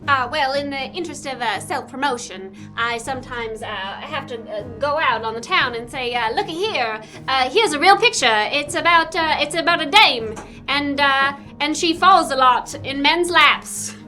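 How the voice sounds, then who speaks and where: A high, bright voice of a haughty 1940s movie starlet, as a woman improvises her. She has a theatrical transatlantic drawl, and faint music plays behind her. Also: a little slow, hardly any pauses. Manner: theatrical old-timey drawl, dramatic. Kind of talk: improvised comedy role-play.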